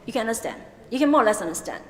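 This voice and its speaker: A woman's voice: a little high, racing. Woman lecturing in echoing hall. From Singapore. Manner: lively, expressive, with chatty asides. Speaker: conference speaker. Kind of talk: plenary conference talk. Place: large conference hall. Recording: long hall reverb.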